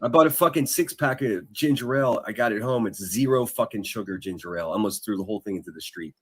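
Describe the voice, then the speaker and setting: A man's voice: lowish voice, fast, husky, no room sound, clean studio sound. A man on a live stream talking in a heated, defensive, profane way. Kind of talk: casual live-stream chat.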